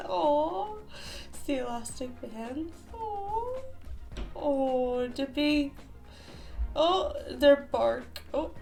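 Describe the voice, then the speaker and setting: A woman hosting a reaction video, exclaiming, laughing and cooing at funny animal clips in casual commentary. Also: sits high. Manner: exclaims often, laughs a lot, coos at animals.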